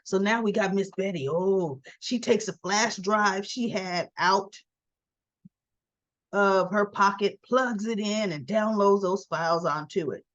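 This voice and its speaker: A woman recapping a soap opera episode in a casual, animated, colloquial manner. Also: mid-range voice, a little slow. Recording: dull dry sound.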